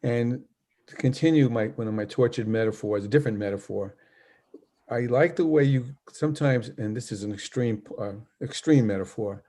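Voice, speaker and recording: A man's voice: medium pitch, moderate pace, warm tone. A man hosting an interview who praises his guest effusively and stammers and repeats words as he talks. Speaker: host. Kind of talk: interview chat.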